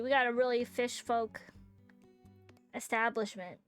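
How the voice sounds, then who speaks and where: High-voiced woman streamer, animated. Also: normal speed, soft background music. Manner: animated, chatty, laughing, fixes her own slips. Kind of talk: casual gaming commentary.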